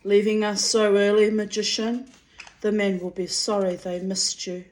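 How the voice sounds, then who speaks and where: A woman voicing a weary, bitter woman in a storybook reading, shrill and scolding, her voice cracking. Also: level tone, moderate pace, a little mellow, lightly acted. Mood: mocking.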